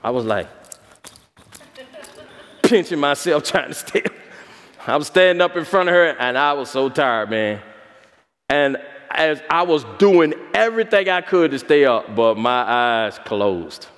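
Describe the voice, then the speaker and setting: A male pastor preaching a sermon with a high voice that climbs and swoops. He tells stories and keeps asking the congregation questions. His voice carries a long echo through the church hall. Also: animated, a little slow, long pauses, fairly bright tone. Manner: storytelling, asks the congregation questions.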